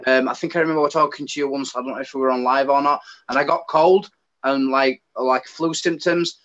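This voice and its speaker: A medium-pitched, brisk-talking man with an English accent, from the UK, is a guest in casual conversation. He rants with feeling in an animated way, and the audio is dull and lo-fi.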